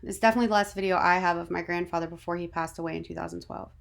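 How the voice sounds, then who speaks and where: A woman in her thirties from North Carolina, narrating a slide presentation as a student presenter in a measured, read-from-script way. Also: lowish voice, steady tone, creaky. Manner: measured, reading a prepared script.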